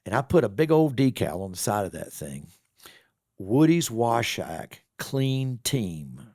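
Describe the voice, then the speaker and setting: Gravelly man telling a lively story. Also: lowish voice, a little slow, no room sound, clean studio sound. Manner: animated storyteller acting out both sides of a conversation. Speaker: car wash owner, podcast guest. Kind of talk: casual storytelling interview.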